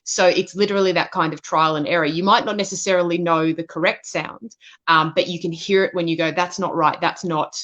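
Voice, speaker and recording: Her voice is on the low side and a bit bright, with fairly even intonation and a brisk pace. As an assistant director and narrator at a live Q&A, she answers thoughtfully and frequently starts sentences over, all in dull lo-fi audio.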